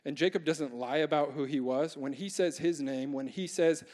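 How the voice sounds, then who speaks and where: Pastor preaching in a reverberant church hall. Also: male voice, a little high, fairly even intonation, normal speed, a little mellow. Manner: conversational, humorous, asks the congregation questions. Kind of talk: sermon.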